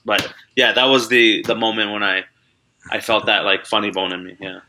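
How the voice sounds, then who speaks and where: A young man, an animated storyteller chatting over a video call and saying "like" a lot. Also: lowish voice, moderate pace. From Canada (Toronto). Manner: animated storyteller, heavy use of "like". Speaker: comedian guest. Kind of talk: casual interview chat.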